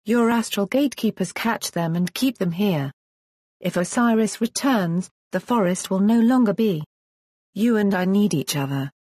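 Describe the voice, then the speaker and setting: A woman voicing an arrogant, rattled male dark god in an audiobook story, in a husky voice. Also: mid-range voice, animated, normal speed, dry recording, clean studio sound. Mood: frustrated. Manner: arrogant, pleading.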